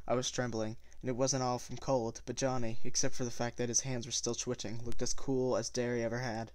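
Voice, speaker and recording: A man's voice: mid-range voice, little pitch movement, a little fast, hardly any pauses, darkish tone. A man reading a novel aloud in the first person, often stumbling and correcting himself as he goes. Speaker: reader.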